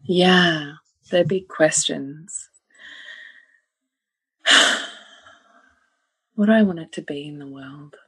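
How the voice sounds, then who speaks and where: A woman hosting a podcast, telling stories animatedly and laughing often, then slowing down to speak deliberately when reflective. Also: sits low, slightly rough. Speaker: podcast host and author. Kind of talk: casual podcast conversation.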